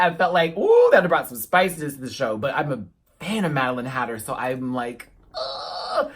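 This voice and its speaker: Sassy, animated man reviewing a show. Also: fairly high pitch. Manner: animated and sassy, with playful asides. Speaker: YouTube reviewer. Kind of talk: casual reaction review.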